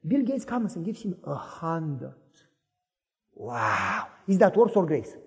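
A man preaching a sermon in an animated way, acting out dialogue in voices and asking the audience questions. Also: fairly high pitch, slow pace, husky. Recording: echoey hall, long reverb.

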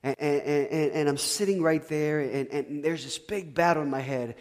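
Male pastor telling a story in his sermon, kinda high voice, big church reverb, goes loud then real quiet. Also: normal speed. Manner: storytelling, swings from loud to hushed. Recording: long reverb of a church hall.

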